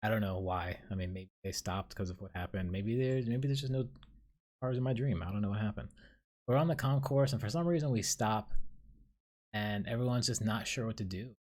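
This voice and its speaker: A young man talks through a casual solo podcast, his voice sitting on the low side. He rambles and swears freely, often poking fun at himself mid-story. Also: brisk, darkish tone. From New York City. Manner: rambling, profane, self-deprecating storytelling. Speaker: podcast host.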